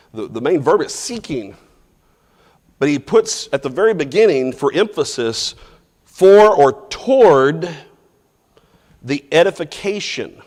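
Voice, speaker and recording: A man teaching a Bible class verse by verse in a loose, conversational way, restarting phrases and putting questions to the class. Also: mid-range voice. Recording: long reverb from a large hall.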